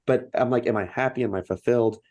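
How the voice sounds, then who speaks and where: A man's voice: mid-range voice, fast, darkish tone, no echo. A man in his thirties, a podcast guest speaking earnestly with many fillers in casual conversation.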